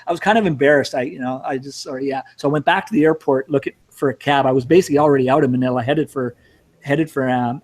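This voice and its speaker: Fast-talking middle-aged male storyteller, casual and rambling, cursing now and then. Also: on the high side. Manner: rambling, self-mocking, cursing. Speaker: storyteller host.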